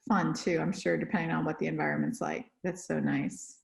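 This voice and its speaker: A woman's voice: sits low, steady tone, brisk, vocal fry, roomy sound, rough recording. A young woman from Texas co-hosting a podcast from home, chatting casually with lots of fillers and restarts. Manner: rambling, lots of fillers and self-corrections. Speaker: podcast co-host. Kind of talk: casual chat.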